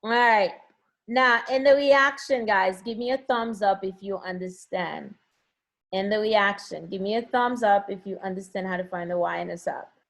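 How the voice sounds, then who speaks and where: A woman's voice: mid-range voice, moderate pace, gravelly. A woman teaching an online class from home, coaxing her students to answer with lots of encouragement. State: has a headache.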